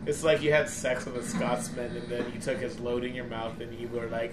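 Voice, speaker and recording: A man co-hosts a podcast while gaming, trading crude, casual banter, teasing his friend and laughing a lot. His medium-pitched voice is fairly quick with little pitch movement. The very noisy audio comes from an echoey room with music behind.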